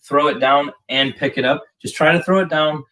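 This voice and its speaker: A man whose voice sits on the high side, steady and sharp in tone at a moderate pace, gives a casual live drum lesson. He explains patterns in a chatty way, full of fillers, captured by a distant mic with clear background noise.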